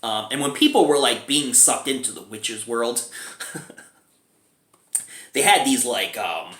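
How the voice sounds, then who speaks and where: A man's voice: mid-range voice, lively intonation, slow pace, fairly bright tone. A man casually reviewing a movie, chatty and chuckling often as he talks. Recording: roomy echo.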